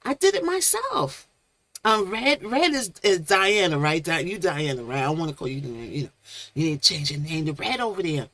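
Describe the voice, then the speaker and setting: A woman's voice: sits low, animated, a little fast, fairly bright tone, dry recording. A woman hosting a casual live stream, chatting with viewers by name and coining playful made-up words. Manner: chatty, reads chat names aloud, playful made-up words.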